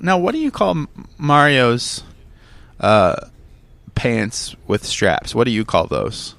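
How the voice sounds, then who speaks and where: A man chatting on a podcast in a wry, rambling way, full of jokey asides. His voice is gravelly and swings lively up and down in pitch. The sound is dry and close. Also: slow, no echo. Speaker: podcast co-host. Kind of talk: casual chat.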